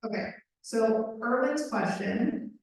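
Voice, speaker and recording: A woman voicing a panelist's signing into speech at a live panel, brisk and conversational with fillers. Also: a little high, animated, a little mellow. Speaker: sign language voice interpreter. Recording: echoey room, far from mic.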